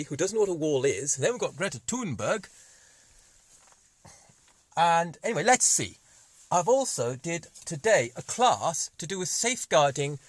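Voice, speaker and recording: A man's voice: a little high, no room sound. Jokey, rambling man around 60. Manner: jokey, digressive, wry. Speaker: vlogger. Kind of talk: rambling storytelling monologue.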